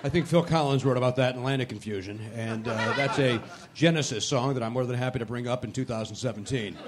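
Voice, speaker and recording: A man's voice: mid-range voice, fast talker. A man hosting a podcast live on a comedy club stage, talking in a brash, sarcastic, profane way. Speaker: podcast host. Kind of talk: live stand-up style podcast banter. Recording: live club recording with crowd and noise. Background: audience laughter.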